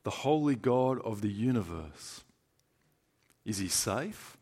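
A man with an Australian accent preaching a sermon in a conversational, emphatic way, moving between loud stresses and hushed lines. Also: fairly low pitch, animated, takes it slowly, long pauses, slightly rough.

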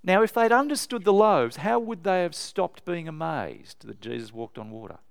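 A man preaching an animated, emphatic sermon to a live congregation in a church. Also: sits high, normal speed, vocal fry, clean tone.

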